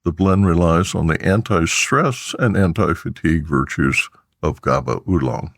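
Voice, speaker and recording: A man reads scripted news headlines in a measured, even newsreader manner. His voice sits low, and the recording is dry with no room sound. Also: creaky, dry recording. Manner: measured, steady newsreader delivery. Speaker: news podcast host.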